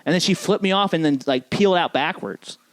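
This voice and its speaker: A man's voice: fairly high pitch, brisk, no room sound. A man in casual podcast chat, joking, laughing often and restarting his words.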